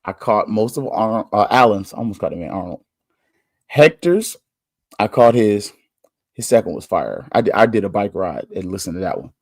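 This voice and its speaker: A man hosting a podcast, talking candidly in a casual monologue, chatty and quick to laugh. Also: lowish voice, animated, no room sound, studio quality. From United States. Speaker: podcast host.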